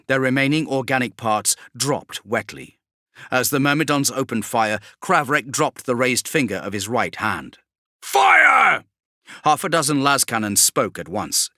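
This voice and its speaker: A man narrating a sci-fi audiobook for bedtime in an expressive storytelling manner. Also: medium pitch, no room sound, clean studio sound.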